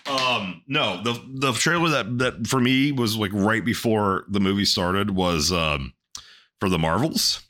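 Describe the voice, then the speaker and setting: A man's voice: lowish voice, unhurried, sharp tone, a little hiss or hum. A man co-hosting a casual podcast, crude and sarcastic, rambling through his points with many restarts. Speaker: podcast co-host.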